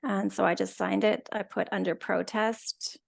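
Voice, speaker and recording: A woman, a guest, retelling a personal story in a chatty, animated way with lots of quoted dialogue. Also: mid-range voice, normal speed, vocal fry. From Canada. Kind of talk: casual storytelling.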